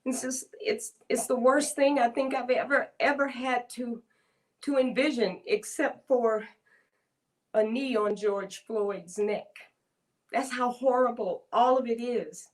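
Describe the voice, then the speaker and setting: A woman's voice: fairly high pitch, fairly even intonation, unhurried, poor audio. An older woman giving a heartfelt, emphatic speech at an online rally over a video call, sometimes repeating words as she searches for them. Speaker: guest speaker.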